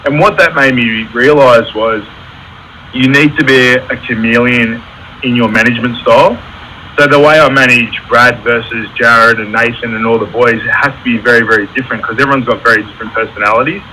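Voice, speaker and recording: An electrical contractor tells candid stories about running his business in a casual interview, reenacting quotes as he goes. His medium-pitched voice is steady, brisk, and sharp, on a low-quality recording with a little hiss or hum.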